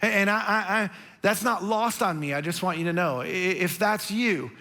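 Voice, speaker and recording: A man preaching a sermon as a pastor, telling a story with animated emphasis and speaking softly and earnestly when he turns to his listeners. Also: high-pitched, moderate pace. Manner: drops to a soft, earnest tone when addressing listeners directly.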